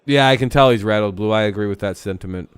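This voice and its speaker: A man's voice: fairly low pitch, quick pace, clear, resonant tone. Blunt, foul-mouthed man hosting a stream. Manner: blunt, swears freely, laughs at his own jokes. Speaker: live stream host. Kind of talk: casual profane sports watch-along chat.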